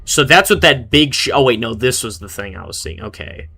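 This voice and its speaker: Bright-voiced chatty young gaming streamer man. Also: mid-range voice, lively intonation, fairly quick, gravelly, slightly rough. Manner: chatty, rambling, reads chat aloud. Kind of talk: casual gameplay commentary.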